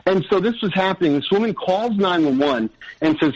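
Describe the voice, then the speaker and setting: A man's voice: high-pitched, lively intonation, fairly quick, darkish tone, muffled recording, a little hiss or hum. A man telling his own story in a casual, earnest way, rambling with many restarts and tangents. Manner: earnest, frequent "you know".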